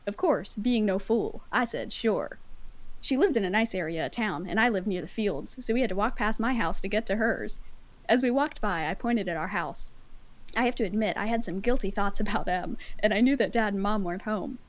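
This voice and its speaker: Over headphones and a low-quality recording, a woman with a medium-pitched voice speaks at a moderate pace. She chats casually and gives a dramatic reading of a story, coming across as self-conscious and giggly.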